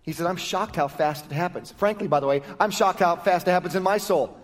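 A male pastor giving a sermon in a conversational, lively style, often restarting phrases as he explains. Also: high voice, brisk. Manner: conversational, lively, self-correcting preaching. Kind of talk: sermon with prayer and Bible teaching.

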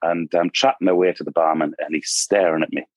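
A man's voice: rumbling low, little pitch movement, fairly quick, dry recording. A middle-aged Geordie man from Newcastle, a podcast guest chatting casually and wandering off on tangents. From Newcastle, northeast England. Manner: rambling storyteller, goes off on tangents. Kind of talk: casual chat.

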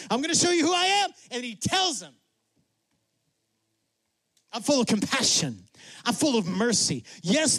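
A man preaching a sermon in a lively way, acting out God and Moses in quick asides. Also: dry recording. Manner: drops to a soft, low voice for emphasis. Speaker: pastor.

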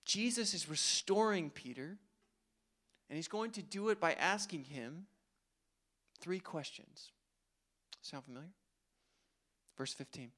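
A man's voice: high voice, lively intonation, unhurried, pauses often, sharp tone. A man preaching a sermon in an earnest, conversational way, asking the congregation rhetorical questions. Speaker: pastor.

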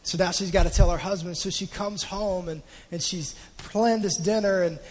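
A man's voice: high voice, fairly even intonation, moderate pace, long reverb tail, slight background noise. A man preaching a sermon in a church auditorium, telling a story conversationally and often repeating words as he goes.

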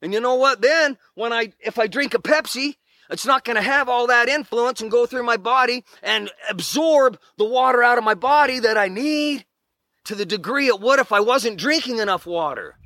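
A man's voice: extremely high pitch, moderate pace, bright, forceful tone, no echo. A middle-aged man giving an earnest, emphatic motivational talk about wilderness survival and self-improvement. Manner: earnest, emphatic, preachy with repeated exclamations.

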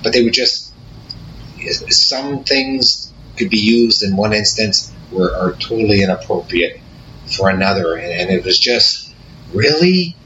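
Brief: man, lowish bright voice, halting reflective talk, dull recording with faint hiss. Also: steady tone. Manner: halting, searching for words, with restarts. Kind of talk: reflective conversation. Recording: slightly dull audio with faint noise.

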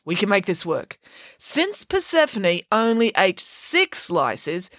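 A woman's voice: mid-range voice, fairly bright tone, no room sound, clean studio sound. Woman playing a blustering king of the gods.

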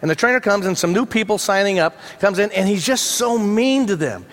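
High-voiced man preaching a sermon. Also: expressive, fairly quick, a bit bright. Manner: conversational storytelling with humorous asides. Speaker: pastor. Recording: long hall reverb.

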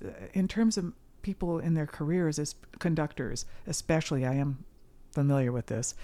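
A middle-aged woman with a slightly low voice talks as a guest in a casual interview. She is earnest and animated. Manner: earnest and animated, with sudden loud mimicry. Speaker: guest musician.

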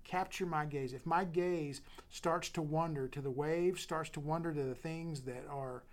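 A middle-aged man preaching a sermon as pastor, dropping to soft whispers and building with emphatic repetition. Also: fairly high pitch, steady tone, measured pace.

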